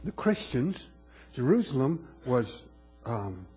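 A man's voice: medium pitch, big pitch swings, takes it slowly, darkish tone, slightly rough, faint music behind. A male pastor preaching a sermon in a conversational way, asking the congregation questions with frequent restarts.

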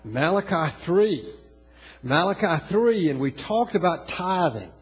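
A male pastor preaches in a loose, conversational sermon style. His voice is husky and somewhat high, and it swings widely in pitch as he stumbles through repeated restarts. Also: unhurried, poor audio. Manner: conversational, repetitive restarts, animated.

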